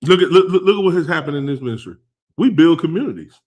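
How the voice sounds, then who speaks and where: Male preacher, high voice, conversational sermon, punchy emphasis. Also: expressive, fast. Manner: emphatic and conversational, rising to loud stresses. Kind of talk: sermon teaching.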